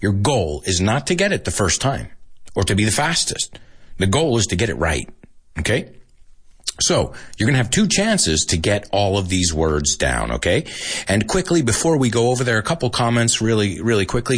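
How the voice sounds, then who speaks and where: Husky guy teaching english live, super animated pitch, mixes in spanish, laughs a lot. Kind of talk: live-streamed language lesson.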